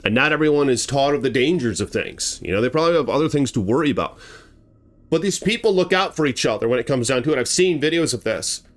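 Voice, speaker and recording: A man running a horror channel tells the true story of a bear attack with drama, acting it out using sound words and cries. He's medium-pitched, animated, and talks fast.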